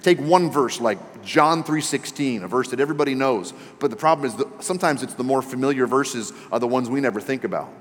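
A male pastor delivers a sermon in an animated, joking style. His mid-pitched voice climbs into emphatic rapid questions. The sound rings with long reverb from a large church hall.

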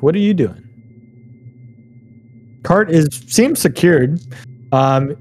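A man narrating a tabletop game as game master, in loose, halting speech with plenty of fillers. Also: on the high side, darkish tone.

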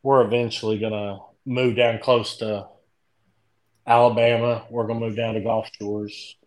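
A middle-aged man from Indianapolis with a Kentucky country accent, a podcast guest chatting loosely and telling stories in a drawn-out, rambling way. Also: fairly low pitch, little pitch movement, low-quality recording. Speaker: guest, dent repair tech. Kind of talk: casual podcast chat.

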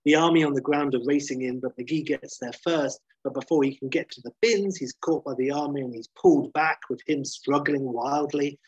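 A man's voice: medium pitch, normal speed, few pauses, breathy edge, no echo, muffled recording. A man casually retelling a TV episode scene by scene, swearing freely and acting out the characters' lines. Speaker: recapping a TV episode.

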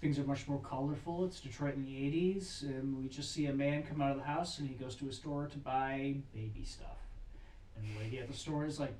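Heard from a distance in a roomy, echoing space with faint noise behind, a man with a slightly higher voice recaps a movie in loose, casual chat. He acts out characters' lines in quick little quotes as he goes. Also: darkish tone. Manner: retells scenes with quick put-on quotes. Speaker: podcast co-host. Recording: echoey room, distant mic, faint noise.

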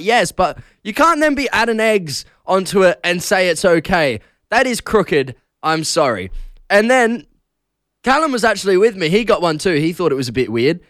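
A man's voice: sits high, no room sound, clean studio sound. A young Australian man hosting casual breakfast radio, chatting and telling stories with frequent laughs. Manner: chatty, laughs often, animated storytelling. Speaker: radio host. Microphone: studio broadcast mic.

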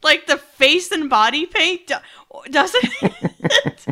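A woman co-hosting a casual toy chat, playful and quick to laugh. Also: sits high, very animated, bright, forceful tone. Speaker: co-host.

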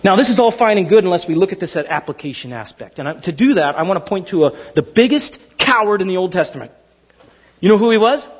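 Animated man preaching a sermon. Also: high-pitched, fast, dull audio. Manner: animated storytelling, acts out biblical figures. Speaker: pastor.

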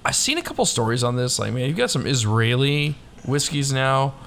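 A man's voice: mid-range voice, lively intonation, normal speed, gravelly, fairly bright tone, slight background noise. A man co-hosting a whiskey podcast, chatting loosely and joking, swearing now and then. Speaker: podcast co-host. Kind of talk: casual whiskey chat.

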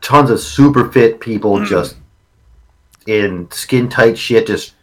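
A man co-hosting a livestream, laid-back and halting, with many fillers. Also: on the low side, poor audio. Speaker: livestream co-host. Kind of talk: casual crude banter.

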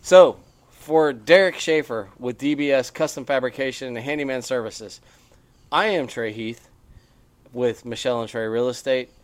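A man's voice: medium pitch, moderate pace, no echo. A man co-hosting a casual motocross podcast, chatty and rambling with frequent restarts. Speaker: podcast co-host. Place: on a porch.

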